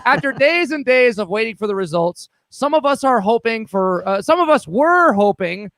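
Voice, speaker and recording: A man with a very high voice runs a joking comedy segment, breaking into chuckles and mock voices as he goes. He is recorded close up with a dry, dead sound. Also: expressive, normal speed, a bit bright, no room sound. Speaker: podcast host.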